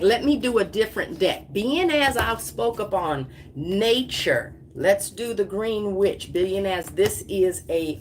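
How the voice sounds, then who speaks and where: A woman hosting a psychic livestream, chatting casually and laughing often as she pulls oracle cards, drifting through restarts and trailing thoughts. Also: medium pitch. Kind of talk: casual livestream talk with card reading.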